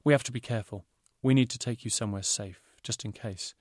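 A man voicing a fussy male fashion designer who talks in rapid, pompous salesman's patter. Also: fairly low pitch, darkish tone, dry recording, studio quality, natural voice. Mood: courteous eager.

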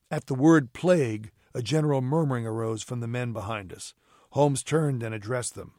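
A man reading a story aloud as narrator, steady and even. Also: mid-range voice, normal speed, no room sound, clean studio sound. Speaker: audiobook reader. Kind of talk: scripted narration.

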